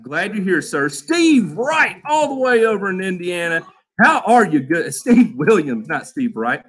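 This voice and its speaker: A man hosting a live lawn care show, reading out chat names with loud, playful shout-outs. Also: high voice. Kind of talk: live stream chat roll call.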